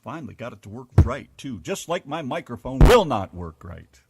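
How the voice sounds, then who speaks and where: A man's voice: medium pitch, big pitch swings, moderate pace, very noisy. A man hosting a casual internet radio show, bantering playfully with his co-host and listeners. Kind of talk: casual live chat show.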